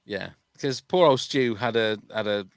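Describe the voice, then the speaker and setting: A man's voice: lowish voice, measured pace, clear, resonant tone, no echo. A man hosting a charity podcast livestream in casual, jokey chat, often tripping over his words. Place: home room during a livestream.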